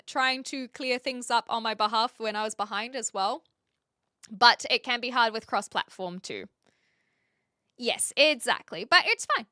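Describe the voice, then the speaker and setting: A woman's voice: sits high, pushed and bright, no echo, clean studio sound. A woman chatting casually on a live stream, reading viewer comments and correcting herself as she goes. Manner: chatty, self-correcting, talks through restarts.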